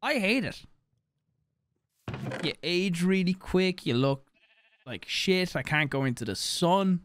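A young male streamer talking over his game in a loose, swearing, jokey way, answering chat as he plays. His voice sits a little high for a man and swings up and down a lot as he riffs. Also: lively intonation, slow, fairly bright tone, slight background noise. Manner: crude, joking, swears a lot, reads chat aloud. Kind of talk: casual live-stream commentary.

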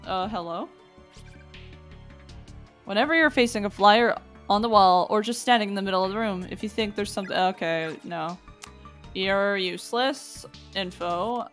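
A woman's voice: mid-range voice, normal speed, faint music behind. A woman streaming a game live, chatting and reacting aloud as she plays.

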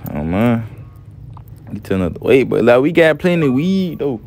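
A man's voice: medium pitch, sing-song, moderate pace, a little mellow, slight background noise. A young man casually narrating a game story in heavy slang, laid-back and profane, often asking "you feel me". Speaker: gameplay storyteller.

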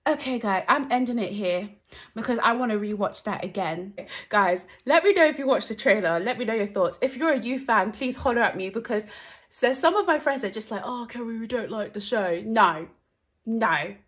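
A young woman gushing through a trailer reaction, talking animatedly and breaking into squeals and shouts. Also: on the high side, animated, fairly quick. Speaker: YouTube reaction vlogger. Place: at home at night.

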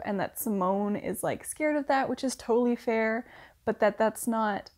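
Her voice sits in the middle range, somewhat mellow, at an easy moderate pace as this young woman, a book reviewer, casually discusses a TV series. She's talkative and sprinkles in lots of "like" fillers and little laughing asides.

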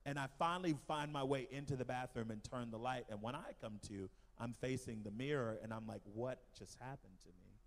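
A man giving a church testimony about a mission trip, telling the story in an animated way with many fillers. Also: medium pitch, a little fast, few pauses. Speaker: missionary speaker. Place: church hall. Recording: long hall reverb.

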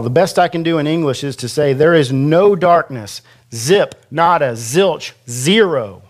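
Slow-paced man preaching a sermon. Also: a little high, expressive. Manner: slow, conversational preaching with self-deprecating asides; drags out quoted scripture for emphasis. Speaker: pastor. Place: church classroom.

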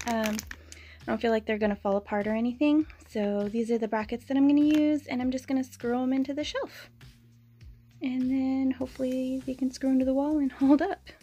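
Her voice high, mellow, and fairly even, the young plant vlogger talks fairly quickly over soft background music. She narrates building a plant shelf and touring her houseplants in a chatty way, laughing often.

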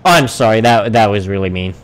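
A man's voice: on the low side, a little fast. A man streaming a survival game live, chatting to himself, swearing and yelping at what happens on screen. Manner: excitable, swearing, yelps and laughs at the game. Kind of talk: live gameplay commentary.

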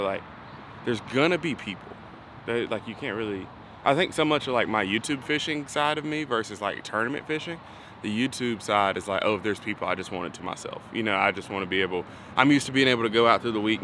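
Rambling man outdoors. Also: lowish voice. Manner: rambling, thinking aloud with many fillers. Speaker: fishing vlogger. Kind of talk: casual vlog talk to camera. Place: outdoors on a lake. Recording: noisy outdoor recording with passing vehicles.

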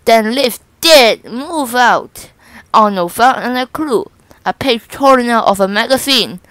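A woman reading a children's picture book aloud in a slow, careful manner. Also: a little high, expressive, a bit bright, no echo, poor audio. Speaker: storybook reader.

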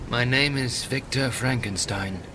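An actor playing an exhausted, haunted young man who speaks gravely in an audio drama. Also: medium pitch, measured pace, bright, forceful tone, in a large hall, a little hiss or hum. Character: Victor Frankenstein, weak haunted young man. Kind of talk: radio drama acting.

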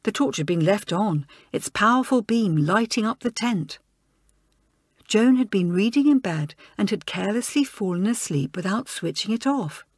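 Expressive woman audiobook narrator. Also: medium pitch, moderate pace, slightly rough, no echo, studio quality. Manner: expressive storytelling. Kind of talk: scripted narration.

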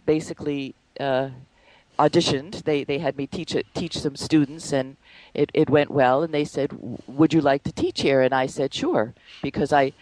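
A woman's voice: low voice, normal speed, darkish tone, no room sound, poor audio. A woman who teaches the Alexander Technique, telling stories in a thoughtful, conversational way with frequent fillers. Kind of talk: conversational interview.

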